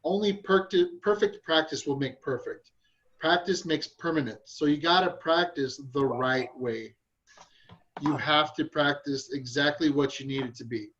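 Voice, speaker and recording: A man's voice: mid-range voice, fairly bright tone, lo-fi sound. A man who works as a real estate agent, sharing tips in an upbeat, chatty way. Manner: upbeat, chatty, laughs easily. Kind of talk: group training chat.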